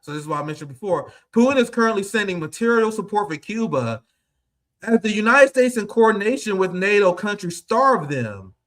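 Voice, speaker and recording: Brief: man, 30s, very high voice, profane combative streamer rant, loud bursts and quiet asides. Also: sing-song. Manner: quick swings between loud outbursts and low asides. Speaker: political streamer. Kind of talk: heated political commentary.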